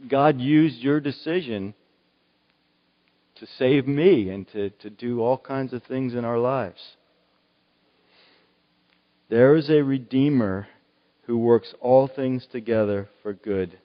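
An older man from Oklahoma preaching a sermon, earnest and emphatic, often restarting his phrases. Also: mid-range voice. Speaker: pastor. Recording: dull, echoey hall recording.

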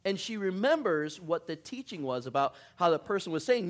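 A man's voice: high voice, very animated, moderate pace, few pauses. A middle-aged male pastor giving a casual, joking sermon in church, laughing often and poking fun at himself. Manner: chatty, self-deprecating, laughs often. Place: church sanctuary.

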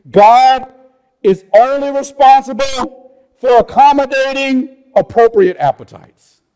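A man preaching a sermon in a conversational way, telling stories, asking rhetorical questions, and swinging between loud emphatic peaks and quiet, low asides. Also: long reverb tail. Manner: rhetorical questions and repeated phrases. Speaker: pastor.

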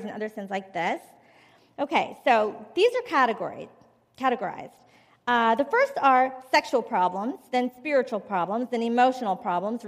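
A middle-aged woman with a fairly high voice gives a candid, confessional testimony from the stage. She talks with emphatic, heartfelt directness, and her words ring out with a long hall reverb behind them. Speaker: conference speaker. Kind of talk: personal testimony sermon.

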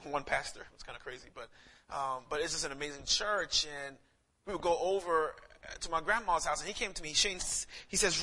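A young adult man from Saint Lucia, a pastor preaching and telling personal stories, swelling to near-shouts and dropping soft again. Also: fairly high pitch, steady tone, brisk. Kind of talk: sermon with personal storytelling.

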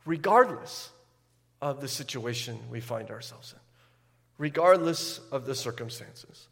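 A man preaching a sermon as pastor, often repeating words as he builds, rising loud and high at key points. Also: animated, measured pace, gravelly, pauses often, long reverb tail.

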